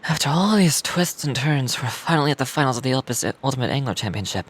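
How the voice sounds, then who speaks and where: A man's voice: mid-range voice, lively intonation, fast, breathy edge. An actor playing an eager young man in a game, upbeat and encouraging, over background music. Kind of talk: dubbed game dialogue.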